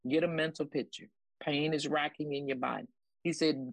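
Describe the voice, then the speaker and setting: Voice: medium pitch, fairly even intonation, normal speed, no echo, rough recording. A minister teaching a Bible lesson, repeating key points and acting out quotes to the listeners. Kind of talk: sermon-style Bible lesson.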